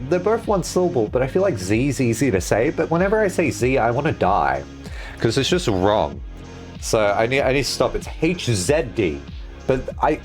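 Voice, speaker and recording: A man's voice: mid-range voice, a little mellow. A man streaming a game, musing aloud in casual chat and swearing freely. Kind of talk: casual livestream chat while gaming.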